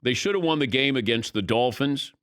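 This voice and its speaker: A man's voice: mid-range voice, animated, a little fast, a bit bright, smooth, dry recording, studio quality. A man hosting a sports talk radio show, giving conversational, opinionated commentary.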